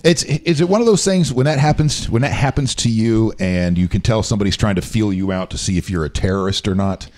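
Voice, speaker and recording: A man's voice: fairly low pitch, brisk, hardly any pauses, a little mellow. Man asking questions as host. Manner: asks probing questions, steers the talk. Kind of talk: casual chat.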